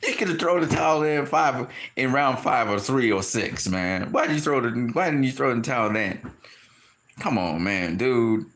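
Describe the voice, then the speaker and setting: A man giving a casual, animated boxing opinion rant, often laughing and acting out quotes in high shouted voices. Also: measured pace, pauses often. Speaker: boxing commentator.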